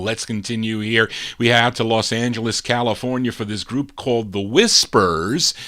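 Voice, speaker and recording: Man, record-show host, lowish voice, chatty, self-correcting patter. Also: pushed and bright. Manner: chatty, corrects himself with fillers.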